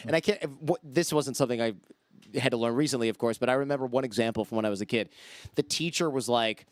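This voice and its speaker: A man's voice: medium pitch, quick pace, dry recording, studio quality. A man in his forties, a podcast guest, chatting casually and acting out the people in his stories. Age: 40s. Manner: storytelling, acts out quoted voices. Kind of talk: casual chat.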